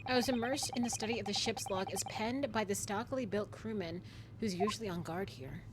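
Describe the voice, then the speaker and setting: A woman reading out the lines of a pompous, eccentric male detective in a lower, quieter voice, grand and wordy. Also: brisk, noisy background, natural voice. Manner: grandiose, wordy, self-assured.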